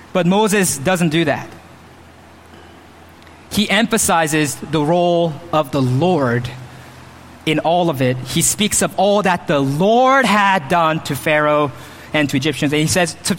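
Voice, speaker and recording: A man preaching a sermon as pastor, emphatic, at times mimicking boastful speech. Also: fairly bright tone. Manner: emphatic, acts out quoted boasts with raised pitch. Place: church. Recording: long reverb of a church hall.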